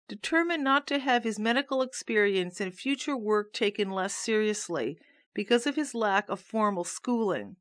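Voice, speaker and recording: A woman reads a nonfiction book aloud, her voice at an ordinary middle pitch. The delivery is steady and measured, recorded close and dry with no room echo.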